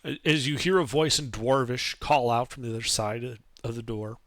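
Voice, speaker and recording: A man narrating as game master of a tabletop game in a casual, animated way with some hesitation. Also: mid-range voice, moderate pace, no echo.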